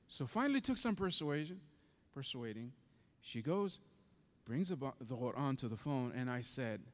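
A man's voice: a little high, lively intonation, moderate pace, long reverb tail. A man preaching as pastor, telling a story with passion and acting out the voices in it.

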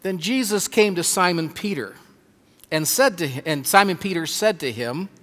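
A man preaching a sermon as pastor, slow and emphatic, stressing words with pauses. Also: sits high, lively intonation, fairly bright tone. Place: church sanctuary. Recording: long hall reverb.

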